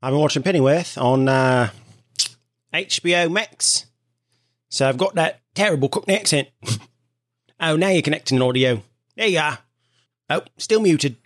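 A man's voice: fairly high pitch, lively intonation, normal speed, pauses often, fairly bright tone, dry recording, studio quality. A man chatting casually and playfully on a video call. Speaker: conversation partner.

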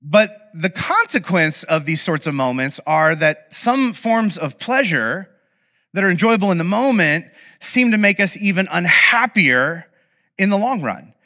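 A man preaching a sermon, telling a self-deprecating story in an animated, humorous way to an audience in a large hall. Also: high voice, a little slow. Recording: long hall reverb.

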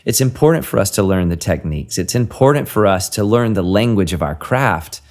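A man hosts a conversation about creative work. He speaks in a low-pitched voice and muses thoughtfully. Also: animated, a little fast, darkish tone. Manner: thoughtful, musing. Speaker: podcast host. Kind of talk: reflective interview talk.

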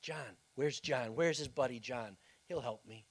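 A man voicing a grieving mother who pleads anxiously for her son, speaking in anguished, halting phrases. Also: medium pitch, husky. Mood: anguished pleading.

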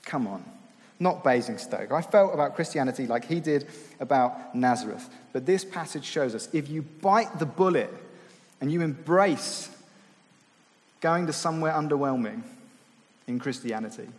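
A man's voice: a little high, lively intonation, normal speed. A man preaching a conversational sermon, self-deprecating and prone to repeating his words as he goes. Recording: long hall reverb.

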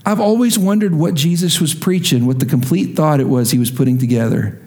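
High-voiced animated male preacher. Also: brisk. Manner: animated storytelling with acted-out quotes. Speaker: pastor. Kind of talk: sermon.

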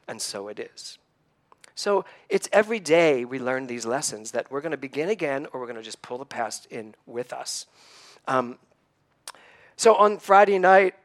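A slightly high, somewhat bright male voice belongs to a church speaker in his sixties. In a conversational, personal sermon he sounds earnest and a little emotional, telling stories and asking his audience questions.

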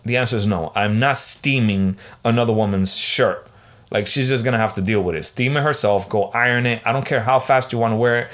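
A man's voice: mid-range voice, lively intonation, fast, fairly bright tone. A man of about forty hosting a solo podcast, telling stories in an exasperated, profane rant. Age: 40s. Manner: swearing, exasperated storytelling. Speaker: podcast host.

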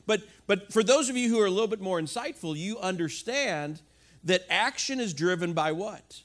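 Middle-aged male pastor, high voice, lively conversational sermon, asks the crowd questions. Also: moderate pace. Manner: animated, conversational preaching with rhetorical questions.

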